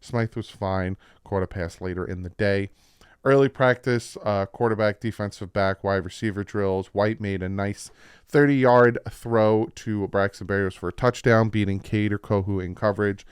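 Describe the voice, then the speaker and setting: A man with a New Jersey accent casually breaking down football practice clips as a channel host, explaining plays with excitement. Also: fairly low pitch, normal speed, clean tone, no echo. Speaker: sports commentator.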